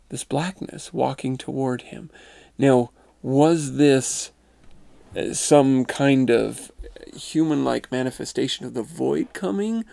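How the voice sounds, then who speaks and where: Gravelly, mellow-voiced male podcast host. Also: medium pitch, no echo. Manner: reflective, musing, with fillers. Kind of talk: podcast storytelling and commentary.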